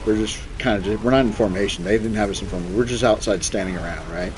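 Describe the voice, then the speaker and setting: A man's voice: on the low side, fast talker, noisy background. A young man streaming a game, rambling through loose, profane stories in casual chat. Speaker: gaming streamer. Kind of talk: casual storytelling chat while gaming.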